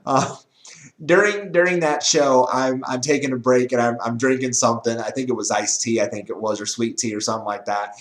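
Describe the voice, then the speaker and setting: Rambling, laughing fantasy football host. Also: male voice, mid-range voice, a little fast. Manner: rambling, repeats words, laughs often. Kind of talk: casual monologue.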